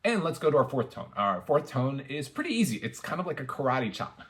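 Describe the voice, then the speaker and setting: A man's voice: big pitch swings, a little fast. A man teaching a beginner language lesson, patient and encouraging, with frequent fillers and repetition. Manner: jumps high and loud when modeling tones. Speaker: Mandarin teacher.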